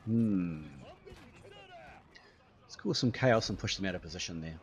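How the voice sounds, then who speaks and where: A man's voice: low voice, animated, measured pace, slight background noise. A man giving casual live commentary over his own gameplay, chatty and playful, tossing in sound effects and running remarks. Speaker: gaming YouTuber.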